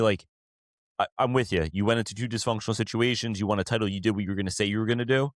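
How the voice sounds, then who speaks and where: A man's voice: fairly low pitch, steady tone, racing, no room sound, studio quality. A man co-hosting a podcast, chatting casually about football in a rambling way with lots of fillers and restarts. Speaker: podcast co-host.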